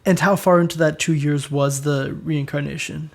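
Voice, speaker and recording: A man hosting a podcast interview, asking relaxed, wry questions. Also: fairly high pitch, moderate pace, gravelly. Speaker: podcast host. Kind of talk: casual interview chat.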